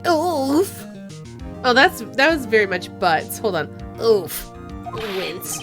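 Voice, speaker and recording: A woman's voice: fairly high pitch, very animated, takes it slowly, music in the background. A woman streamer giggling and commenting playfully on a game. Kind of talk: let's play commentary.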